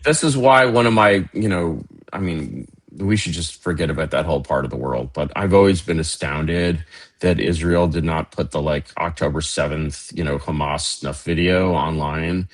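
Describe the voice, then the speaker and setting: Low-voiced sardonic man rambling. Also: normal speed. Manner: rambling, sardonic, many fillers. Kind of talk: casual political conversation.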